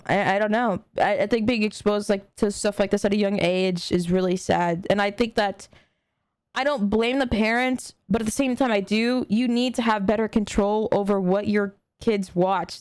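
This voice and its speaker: A woman's voice: medium pitch, moderate pace, clear, resonant tone, no room sound. A young adult woman streaming a reaction video, talking casually and earnestly to her chat with lots of slang, fillers and swearing. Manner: earnest, talks directly to chat.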